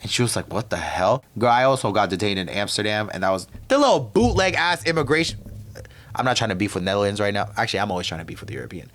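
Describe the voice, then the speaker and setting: A man's voice: fairly low pitch, big pitch swings, racing, fairly bright tone. Sassy, profane young man ranting. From DMV area, US. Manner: sassy, profane, tangent-prone storytelling. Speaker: podcast host. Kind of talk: profane comedic rant.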